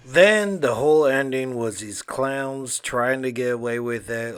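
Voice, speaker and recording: A man's voice: mid-range voice, unhurried, few pauses, fairly bright tone, smooth, dry recording. A man giving a casual, slangy movie recap, laughing often and acting out the characters' lines. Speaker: movie kill-count commentator.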